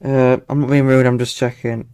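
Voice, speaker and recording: This Yorkshire-born weather channel host, mild accent and all, chats and rambles through a live forecast stream, full of fillers and restarts. His mid-range voice moves little in pitch and runs at normal speed, mellow, clear and resonant, with no echo.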